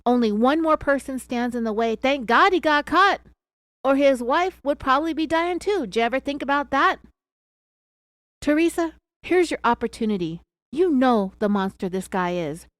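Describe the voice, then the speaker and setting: A hard-driving male FBI agent, read aloud by a woman fires accusing questions, his voice pitched up and raised to a shout. The sound is dry and close. He never lets up. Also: lively intonation, moderate pace, dry recording. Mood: angry, accusing. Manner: yelling, accusing, relentless questioning.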